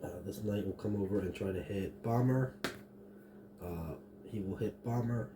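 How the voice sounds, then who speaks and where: A man running a tabletop game as game master, describing scenes and monster actions in a halting way full of fillers. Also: on the low side, background noise.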